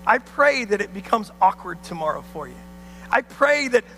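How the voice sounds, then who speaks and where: A man's voice: extremely high pitch, bright, forceful tone, a little hiss or hum, poor audio. A male pastor preaching a sermon in an emphatic, repetitive way, calling on the congregation to answer back.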